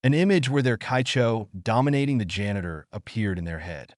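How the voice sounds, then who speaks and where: A man's voice: lowish voice, fairly quick, hardly any pauses, dry recording, clean studio sound. A man reading fan fiction aloud, with chatty asides to the listener.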